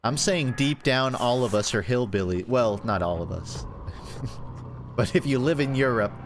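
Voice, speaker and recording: A man's voice: mid-range voice, lively intonation, unhurried, a little hiss or hum. A man chatting casually on a gaming livestream, rambling and joking self-deprecatingly with chat. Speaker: streamer.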